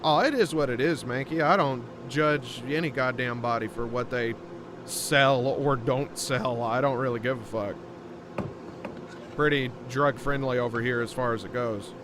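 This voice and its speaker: A man's voice: mid-range voice, normal speed, background noise. Rambling, cursing streamer guy. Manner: rambling and profane, with frequent fillers. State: frustrated by buffering. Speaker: streamer reacting to videos. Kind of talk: casual live-stream chat.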